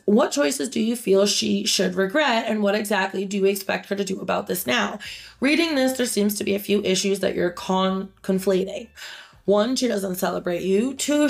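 A woman's voice: medium pitch, gravelly. A woman hosting a reaction video, reading online posts aloud and giving blunt, opinionated commentary with free swearing.

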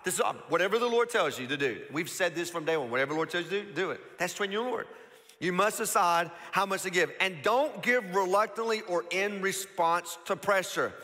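A man preaching to his congregation with a high, bright, forceful voice that carries a long reverb through a church auditorium. He talks conversationally and keeps asking rhetorical questions, swinging between emphatic passages and hushed, intimate ones. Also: a little fast. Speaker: pastor. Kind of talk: sermon.

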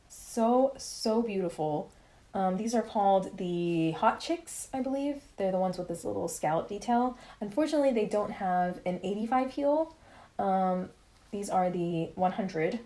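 A young adult woman chatting casually in a haul vlog, rambling and excitable as she shows her shoes. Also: medium pitch, a little hiss or hum. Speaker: vlogger.

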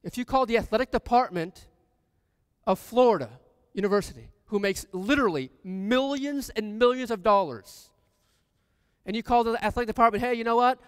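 A man's voice: sits high, lively intonation, moderate pace, clear, resonant tone, no room sound, studio quality, long reverb tail. A man preaching a sermon in a church, repeating lines with building emphasis. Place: church sanctuary.

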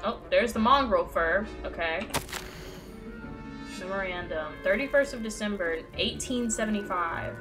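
A woman's voice: mid-range voice, unhurried, rough recording. Young woman streamer, chatty, swears a lot, game music behind. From United States. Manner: chatty, swears, reads dialogue aloud. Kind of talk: casual gameplay commentary.

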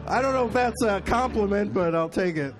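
A man's voice: high voice, fairly quick, a crowd in the background. A man trading teasing wisecracks as a guest on a live podcast stage. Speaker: guest comedian. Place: live stage before an audience.

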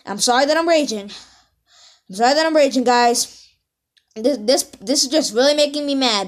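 A woman rambling excitedly through casual reaction commentary, talking straight to her viewers. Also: fairly high pitch, normal speed. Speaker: reaction video host. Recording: music under the voice. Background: video music playing.

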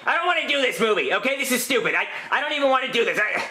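A man's voice: extremely high pitch, expressive, rapid-fire, pushed and bright, exaggerated voice. A man doing a burned-out boy actor. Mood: frantic. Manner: flustered, forgetful, whiny. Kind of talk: puppet comedy skit.

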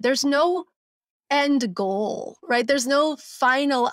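A woman's voice: sits high, takes it slowly, no room sound, studio quality. A woman in her forties, a guest on a podcast interview, talking candidly and reflectively, sometimes acting out her own inner voice. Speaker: guest, simplicity coach and author.

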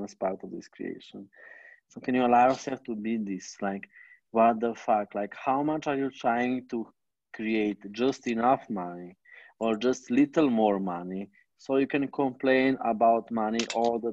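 A man's voice: on the low side, normal speed, darkish tone, no echo, lo-fi sound. A man with a non-native accent, teaching an online class, emphatic and swearing often, on a video call. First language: Bosnian. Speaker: coach.

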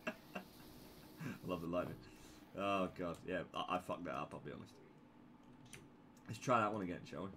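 A man's voice: low-pitched, measured pace, long pauses, bright, forceful tone, a little hiss or hum. A young man commentating casually on his own gameplay, sweary and sarcastic, with sudden yelps and laughs.

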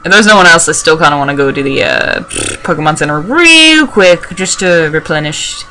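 Young woman w a lowish voice rambling over her game, swearing a lot. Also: expressive, moderate pace, pushed and bright, slight background noise. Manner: rambling, profane, talks to herself. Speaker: let's play host. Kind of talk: casual gameplay commentary.

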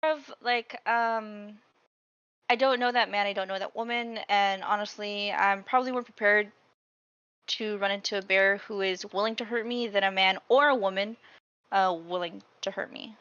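Woman, bright tense voice, hesitant, filler-heavy, dull lo-fi audio. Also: medium pitch, steady tone, moderate pace, clear, resonant tone, no echo. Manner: hesitant, lots of fillers, rambling. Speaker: panelist. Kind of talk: casual panel discussion.

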